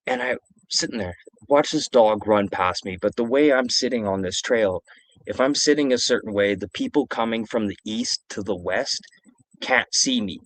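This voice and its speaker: Low-voiced man rambling profanely. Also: fairly bright tone, no echo. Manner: rambling, profane, repeats himself. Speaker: streamer telling stories. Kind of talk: casual storytelling.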